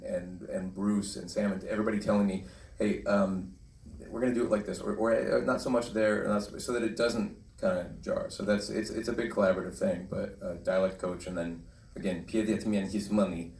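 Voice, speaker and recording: A man's voice: low voice, level tone, normal speed, darkish tone. A man, a voice actor on a convention panel, talking in a loose, joking, rambling way. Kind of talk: casual panel talk. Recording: echoey hall, distant mic, faint noise.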